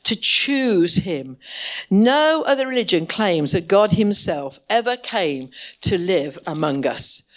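Woman preacher, sermon in church, slow and deliberate, wide-ranging melodic delivery, impassioned emphasis. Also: mid-range voice, big pitch swings.

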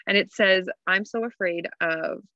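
A woman's voice: mid-range voice, a little slow, bright, forceful tone, dry recording, lo-fi sound. A woman co-hosting a podcast, telling stories in a giggly, casual chat. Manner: giggly storyteller. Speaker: podcast co-host.

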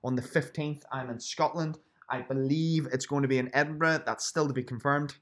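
A man's voice: mid-range voice, steady tone, brisk. A man hosting a solo podcast, running through upcoming events in a chatty, promotional way and stressing dates and places. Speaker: podcast host and fitness instructor.

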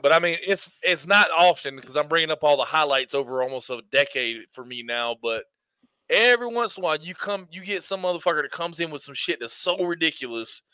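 Podcast co-host, male, bright forceful voice, profane and animated, dry sound. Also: on the high side, a little fast, smooth, dry recording. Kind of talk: casual chat.

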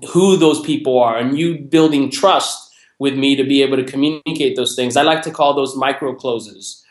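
A man talks through his sales career in a lively, conversational manner and acts out the customers in his stories. His pitch sits in the middle range. The room adds a clear echo around his voice. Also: moderate pace. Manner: animated, acts out quoted customers in raised voice. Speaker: guest sharing sales experience. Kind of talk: conversational storytelling. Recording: roomy echo.

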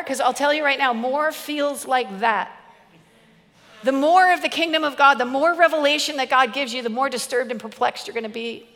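A woman preacher giving a humorous sermon, animated and playful, laughing often. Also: high voice, normal speed, long reverb tail.

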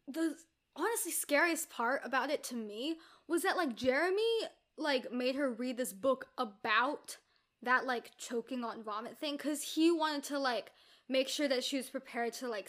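Young woman, very high voice, emphatic and opinionated, casual filler-laden chat. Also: unhurried. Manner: animated, emphatic commentary with filler "like". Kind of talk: casual chat discussing a novel.

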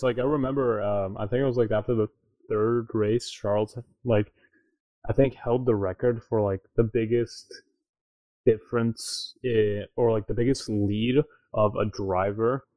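Male co-host, low mellow voice, easygoing and agreeable, dull lo-fi mic. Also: fairly even intonation, measured pace, no room sound. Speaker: podcast co-host. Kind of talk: casual chat.

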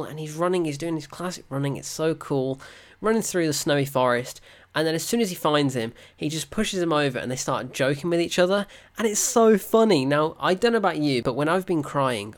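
Film reviewer gushing through a plot recap, breathless and swearing, mid pitch. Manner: breathless, animated, laughs and swears often.

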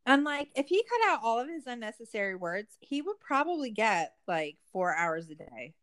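A woman's voice: a little high, big pitch swings, moderate pace, fairly bright tone. Sarcastic, profane woman recapping. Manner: profane, sarcastic, frequent "like" fillers. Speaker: podcast co-host. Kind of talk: casual true-crime recap chat.

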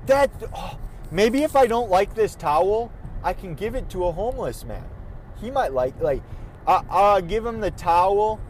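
A man's voice: high voice, animated, moderate pace, a little hiss or hum. Rambling man talking while driving. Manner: rambling, self-interrupting, repeats words. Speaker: podcast host. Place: in a car on city roads.

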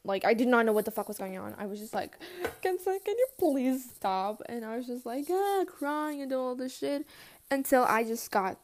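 A teenage girl telling casual storytime anecdotes, chatty and quick to swear and laugh, with lots of "like". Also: fairly high pitch. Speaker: vlogger.

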